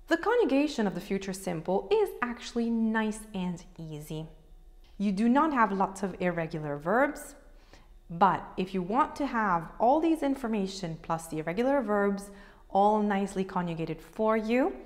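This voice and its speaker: A woman teaching an Italian grammar lesson to camera, explaining clearly and patiently, slowing down to model each conjugation and spelling out endings letter by letter. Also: medium pitch.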